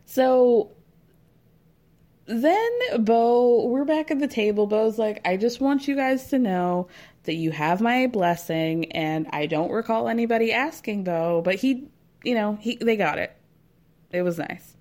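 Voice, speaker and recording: A woman hosts a recap podcast, chatting casually about a reality show, laughing often and slipping into mock voices to quote people. Her voice is fairly high, a little mellow and unhurried.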